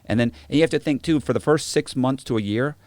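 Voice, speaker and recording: A former prisoner appears as a podcast guest, telling stories in a casual chat and animatedly acting out other people's lines as he quotes them. He talks fast in a mid-range voice, and there's no room sound.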